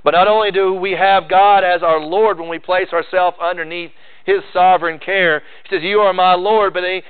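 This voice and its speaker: A man preaching a sermon in an earnest, measured way, slowing down for emphasis. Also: sits high, fairly even intonation, smooth. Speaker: pastor. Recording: tinny phone-like sound.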